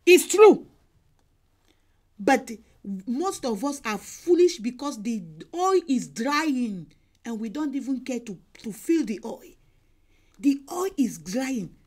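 Very high-voiced, lively woman evangelist. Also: slow pace. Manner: emphatic, repeats phrases, exhorting. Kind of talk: sermon.

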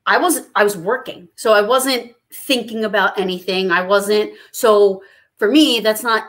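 A woman's voice: medium pitch, a little slow, a bit bright. A woman hosting a casual chat, talking in a rambling, chatty way and laughing often. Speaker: host.

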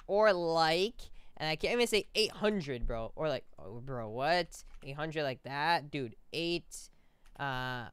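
A man chatting through gameplay in a crisp, clean voice that sounds close and dry. He rambles, stumbles over his words and keeps saying "bro". His talk is loose and unscripted. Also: a little high, animated, takes it slowly, a bit bright, no echo. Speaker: gaming video host. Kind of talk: casual gameplay commentary.

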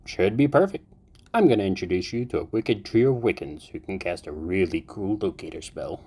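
A man's voice: sits low, lively intonation, brisk, dark tone, slightly rough, full character voice. Brief: cocky young male fighter, flippant quips, narrator's put-on voice. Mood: casual. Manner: flippant wisecracks.

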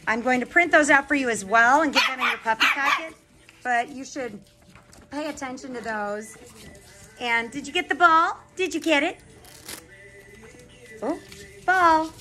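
A high-voiced woman breeder talks casually while handling puppies indoors. She trips over her words and coos at the pups in baby talk. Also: fairly bright tone, low-quality recording. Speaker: dog breeder. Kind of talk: casual vlog chat. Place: indoor puppy pen.

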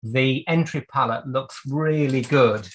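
A man's voice: mid-range voice, measured pace, fairly bright tone, a little hiss or hum. A man teaching clock repair during a live video call, working at a bench and thinking aloud as he explains each step. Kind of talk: live workshop demonstration.

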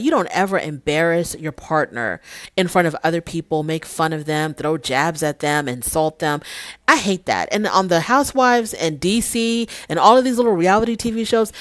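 A woman giving a casual, opinionated review of a reality TV episode, retelling scenes and acting out quotes with animated emphasis. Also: on the low side, no echo.

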